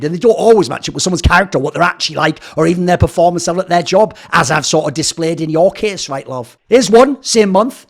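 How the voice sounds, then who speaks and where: A man's voice: sits high, sing-song, a little fast, creaky. A man ranting angrily in a video commentary, sarcastic and swearing, mocking others in put-on voices. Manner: angry, sarcastic, swears often. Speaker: esports commentator.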